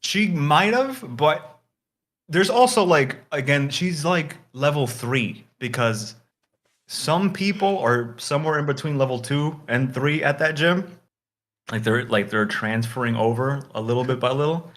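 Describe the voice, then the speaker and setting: A man's voice: on the high side, measured pace, a bit bright. Rambling man in casual chat. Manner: rambling, heavy on filler words, swears freely.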